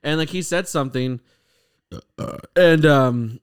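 Speaking slowly in a fairly high, clean voice, a young podcast co-host shares stories during a relaxed conversation. He's lively, laughs a lot, and brings quotes to life by acting them out.

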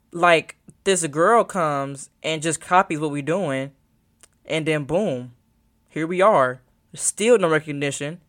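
A woman's voice: low-pitched, fairly bright tone. A young adult woman, a college student, chatting casually to her viewers, rambling and thinking aloud while she searches her phone. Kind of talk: casual vlog chat to viewers.

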